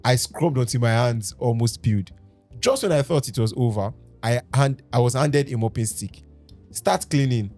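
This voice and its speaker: A man's voice: medium pitch, expressive, moderate pace, a little mellow, soft background music. A Nigerian man hosting a podcast, reading a story aloud with dramatic delivery and breaking off to laugh and joke with his co-hosts. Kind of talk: casual podcast reading with banter.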